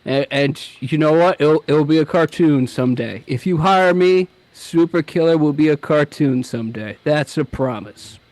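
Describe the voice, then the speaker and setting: A man's voice: fairly high pitch, normal speed, few pauses, a little mellow, dry recording. A man, a comic writer, talking as a guest in casual chat, rambling with hesitant restarts and mocking quotes.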